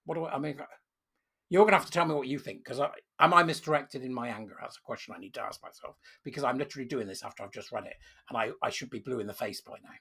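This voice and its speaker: Commentator, angry rant to camera, bright forceful tone with a gravelly rasp. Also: mid-range voice, very fast. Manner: furious, ranting, emphatic. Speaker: online commentator.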